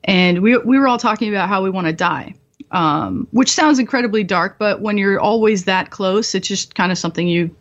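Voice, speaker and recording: A woman in her twenties, guesting on a podcast, tells her story candidly and profanely, mocking herself and laughing often. Her voice is medium-pitched and a little fast, on slightly dull podcast audio.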